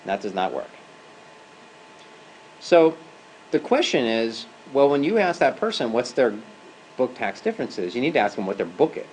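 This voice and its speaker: A male adjunct professor lectures a university class in a classroom, at a mid-range pitch for a man. His delivery is loose and conversational, and he keeps checking in with the students. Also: very animated, normal speed, pauses often, darkish tone, slight background noise, rough recording.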